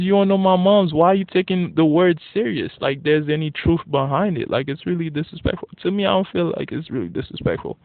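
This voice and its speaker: A man in a casual, profane ranting monologue, blunt and getting animated when worked up. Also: high-pitched, moderate pace, dry recording. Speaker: vlogger. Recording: tinny phone-like dry audio.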